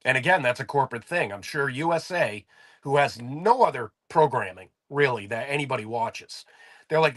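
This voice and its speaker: A man's voice: mid-range voice, animated, moderate pace, fairly bright tone. A man co-hosting a casual podcast chat, laid-back and profane as he rants. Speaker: podcast co-host.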